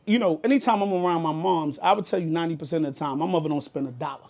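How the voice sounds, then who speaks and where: A man with a New York accent co-hosting a podcast, telling a story in a loud, animated, profane way. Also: a little high, rapid-fire. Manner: animated, profane, gets loud and heated retelling anecdotes. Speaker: podcast co-host. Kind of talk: casual podcast chat, storytelling.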